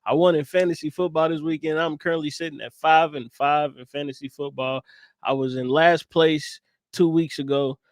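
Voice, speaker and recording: A man's voice: on the high side, fairly even intonation, moderate pace, no echo. A man co-hosting a podcast in casual chat, easygoing and upbeat with slangy speech. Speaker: podcast co-host.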